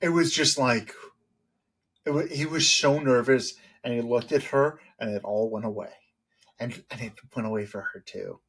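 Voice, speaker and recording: A man's voice: medium pitch, moderate pace, fairly bright tone, slightly rough. A man appearing as a guest on a podcast, talking casually and reflectively about a film, often with short agreeing replies.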